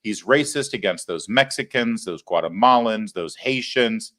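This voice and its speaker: Animated sarcastic male talk-show host. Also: fairly low pitch, moderate pace. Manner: sarcastic, mocking, animated delivery. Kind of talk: live political commentary show.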